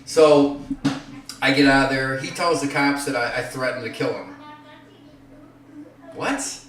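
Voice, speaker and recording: A man telling rambling, profane stories in casual chat, growing loud and heated. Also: mid-range voice, a little slow, distant mic, background noise. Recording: echoey room, voice off-mic.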